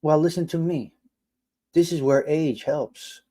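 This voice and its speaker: A middle-aged man hosting a casual livestream show, talking to his chat and swinging between loud, exasperated, swearing outbursts and quiet mutters. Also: a little high, measured pace. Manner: animated, exasperated ranting with swearing.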